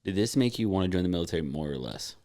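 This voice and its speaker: Podcast host, man, quick-talking, blunt joking interviewer. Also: low voice, expressive, dark tone.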